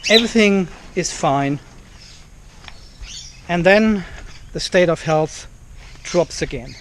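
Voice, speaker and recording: A man vlogging from his home carport, ranting at the camera in an exasperated way. He keeps circling back to the same complaints, and his voice sits high for a man. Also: slow pace, fairly bright tone, slight background noise. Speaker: car vlogger. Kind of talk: casual vlog to camera.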